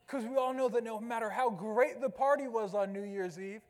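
A man's voice: very high voice, moderate pace, big-room sound. A man preaching a sermon as pastor, talking conversationally and posing rhetorical questions to the congregation. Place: church sanctuary.

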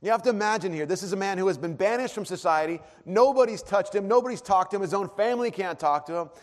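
A man preaching a sermon, earnest, dropping to a hush and then rising to emphatic peaks. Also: high voice, fast talker. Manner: earnest, swings from hushed to emphatic. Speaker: pastor. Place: church auditorium. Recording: long hall reverb.

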